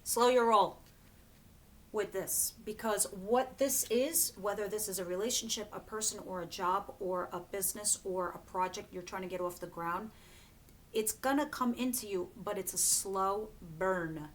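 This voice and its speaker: A woman's voice: mid-range voice, moderate pace. A woman giving a casual tarot reading to camera, chatty and emphatic, swearing freely and often laughing. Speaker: tarot reader.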